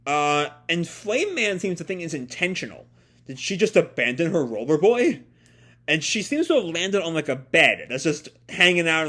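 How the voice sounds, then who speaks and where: A man reading a comic aloud and reacting to it in casual, rambling chat full of fillers and laughs. His voice is slightly high and very animated in pitch. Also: normal speed. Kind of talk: casual live reading and commentary.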